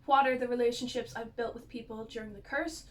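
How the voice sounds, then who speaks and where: A woman's voice: a little high, fairly even intonation, a little fast. A woman vlogger rambling through a casual recap of a TV show's plot, with lots of "like" and asides.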